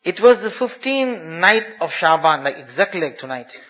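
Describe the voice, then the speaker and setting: A man's voice: a little high, very animated, normal speed, a bit bright, lo-fi sound. A man preaching a sermon, telling a dramatic story and weaving Arabic phrases into English.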